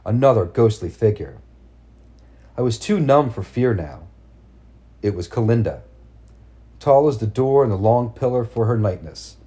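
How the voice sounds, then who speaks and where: A man reading a first-person story aloud as narrator, in a measured, hushed storytelling manner. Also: mid-range voice, lively intonation. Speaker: audiobook narrator.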